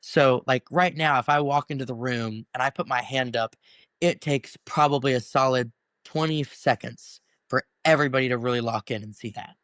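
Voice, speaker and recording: A young man, a first-year band teacher, talking in a relaxed interview at a middle pitch. He tells his stories with energy and acts out the people he quotes. The recording is close and dry, with no room sound. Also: moderate pace, no room sound. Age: 20s. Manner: animated storyteller who acts out quoted voices. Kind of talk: casual interview conversation.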